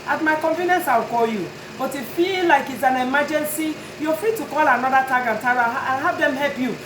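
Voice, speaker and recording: High-voiced woman pleading firmly. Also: a little fast, reverberant, noisy background. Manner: earnest, pleading and firm. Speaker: notary and tag and title business owner. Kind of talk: direct-to-camera talk to customers.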